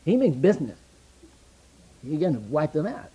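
A man preaching a sermon, swinging between loud declamation and hushed near-whisper, quoting scripture in old-fashioned wording. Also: a little high, very animated, moderate pace, slightly rough, dull audio.

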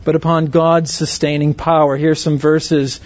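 High-voiced man teaching a sermon. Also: flat delivery, a little slow, darkish tone, lo-fi sound. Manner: asks the audience questions, stresses words. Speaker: Bible teacher.

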